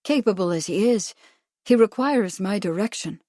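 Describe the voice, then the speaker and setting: A woman's voice: mid-range voice, expressive, moderate pace, darkish tone, dry recording, clean studio sound, close to an everyday voice. Woman reading as a weary society mother. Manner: tired and stiff. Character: weary, stiff society mother, middle-aged.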